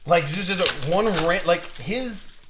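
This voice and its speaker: Against a noisy background, a young card break host speaks in a high-pitched, expressive voice, a little on the slow side. He chats casually on his live card-opening stream, rambling through stories and frequently starting over.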